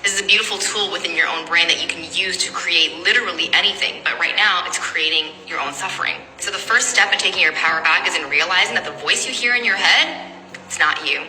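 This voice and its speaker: A woman's voice: lowish voice, quick pace. A woman giving an emphatic, direct motivational speech. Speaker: motivational speaker. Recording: reverberant hall, soft music.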